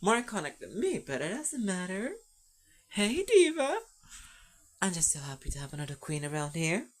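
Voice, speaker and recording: A woman's voice: on the low side, big pitch swings, normal speed. A woman voicing a bubbly, feminine young gay man who gushes with slang and swearing. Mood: gushing.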